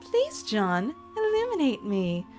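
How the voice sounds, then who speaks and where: A woman's voice: high voice, wildly swooping pitch, slow, darkish tone, soft background music, voice pushed up, heavily acted. A woman voicing a controlling aunt who talks in a prim, formal, condescending way.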